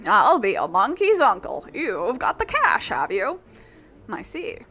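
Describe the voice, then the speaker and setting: A woman's voice: medium pitch, wildly swooping pitch, measured pace, pushed and bright, breathy edge, soft background music, exaggerated voice. A woman voicing an eccentric, boastful old male dojo master in a video game, with a slightly British put-on accent and a theatrical, grandiose delivery. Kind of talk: reading game dialogue aloud.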